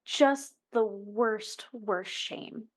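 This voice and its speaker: A woman's voice: medium pitch, very slow. A woman in her thirties, a podcast guest, candidly telling a personal story in an earnest, emotional way, often restarting her sentences. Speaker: interview guest.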